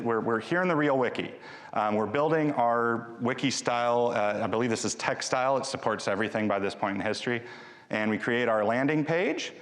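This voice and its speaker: A man's voice: medium pitch, vocal fry, fairly bright tone. A man giving a live conference talk with a demo, chatty and joking, often restarting his sentences. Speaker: conference speaker. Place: large conference hall. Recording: long hall reverb.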